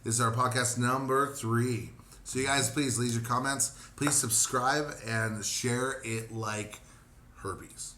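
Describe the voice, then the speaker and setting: Bright-voiced young man co-hosting a podcast. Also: mid-range voice, slow pace. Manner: joking, excitable. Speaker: podcast co-host. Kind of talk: casual chat. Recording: echoey room with faint noise.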